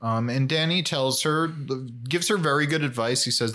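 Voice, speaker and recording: A man's voice: medium pitch, moderate pace, hardly any pauses, sharp tone. A man co-hosting a podcast, recapping a show in casual chat with dry joking asides. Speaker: podcast co-host.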